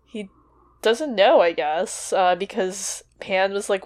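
A young woman co-hosting a podcast, summarizing a book with relaxed asides. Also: mid-range voice, slow. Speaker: podcast co-host. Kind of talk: casual book discussion.

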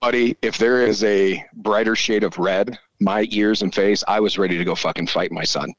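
A man, probably in his forties, telling a story in a casual chat, animated and full of swearing. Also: lowish voice, normal speed, no echo, poor audio. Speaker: podcast guest.

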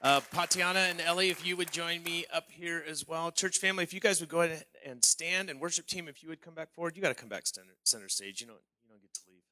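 A pastor on a church stage closing the service, speaking casually with some fillers. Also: male voice, on the high side, fast, hardly any pauses, pushed and bright. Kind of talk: sermon closing, leading the congregation.

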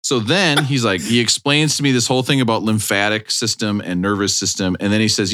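A man's voice: fairly low pitch, fairly quick, hardly any pauses. A man hosting a podcast, telling a story in casual chat and acting out what people said to him. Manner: animated, acts out quotes from people in his stories. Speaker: podcast host.

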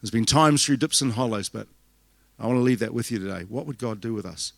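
A man's voice: mid-range voice, a little fast, creaky, no room sound. An older man with a New Zealand accent, preaching a conference sermon and telling stories with frequent restarts and laughter. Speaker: pastor.

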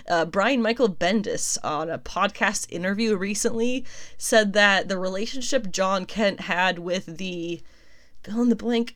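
A young woman talks through the latest comic book news in a loose, chatty way. She laughs often, trips over a name and then fixes it, and sits at an everyday middle pitch for a woman. Her tone stays conversational, never scripted. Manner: chatty and animated, laughs often, corrects herself mid-sentence. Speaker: pop culture news host. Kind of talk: casual news commentary.

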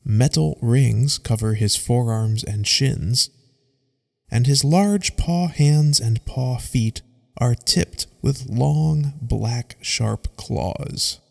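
A man narrating a scripted fantasy story at an unhurried pace, his voice gravelly with vocal fry. The recording carries a long, hall-like reverb. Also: mid-range voice. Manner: reads scene directions aloud, measured.

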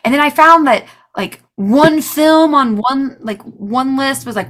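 A woman from the United States co-hosting a podcast, chatting casually in an animated, exclamatory way with frequent laughs. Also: sits high, a little slow, hardly any pauses. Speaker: podcast co-host. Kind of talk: casual chat.

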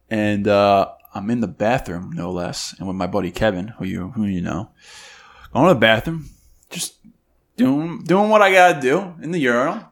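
A man co-hosting a podcast, telling a story in a casual, animated way and acting out other people's voices. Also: medium pitch. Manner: animated, acts out quoted voices loudly. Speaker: podcast co-host.

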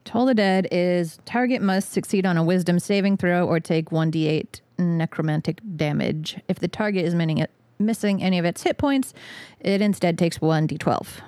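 A woman's voice: fairly low pitch, normal speed, darkish tone, no room sound. A woman playing in a tabletop game, giving short wry replies and laughing easily. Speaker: player.

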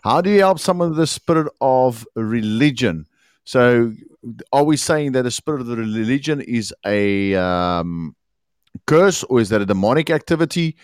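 A male podcast host with a lively, animated way of speaking, captured with a dry, close sound. He reads listener questions aloud and fills in with short "yeah" and "mm" replies. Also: medium pitch, moderate pace, smooth, dry recording. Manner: brief encouraging backchannels, reads listener questions.

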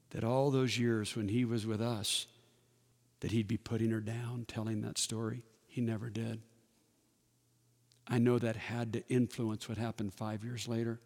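A man's voice: fairly low pitch, flat delivery, measured pace, creaky, darkish tone. A man in his fifties speaking at a church workshop, telling personal stories in a folksy, conversational way and acting out the dialogue. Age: 50s. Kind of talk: personal storytelling talk. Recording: long reverb of a large hall.

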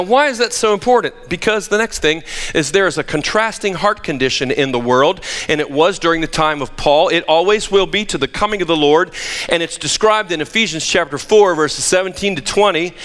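High, bright-voiced preaching man in a hall. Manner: emphatic preaching with joking asides. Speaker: pastor. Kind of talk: sermon. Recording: long reverb of a large hall.

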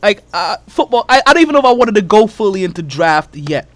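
A man hosting a casual sports podcast, animated and laughing, trash-talking over a call. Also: sits high, fast talker, no echo. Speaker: podcast host.

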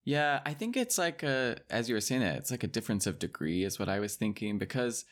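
A man's voice: mid-range voice, big pitch swings, a little fast, fairly bright tone. A man co-hosting a casual conversation podcast, talking in a thoughtful, musing way with many hedges. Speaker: podcast co-host.

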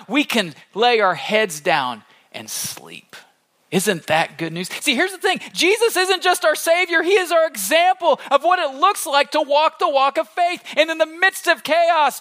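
A male pastor preaching a sermon in an animated, conversational storytelling manner. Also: extremely high pitch.

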